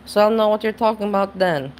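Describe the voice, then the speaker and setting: A woman's voice: mid-range voice, fast talker, darkish tone, slight background noise. A woman hosting a reaction channel, musing and rambling in casual commentary. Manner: musing, rambling, chuckles at her own jokes.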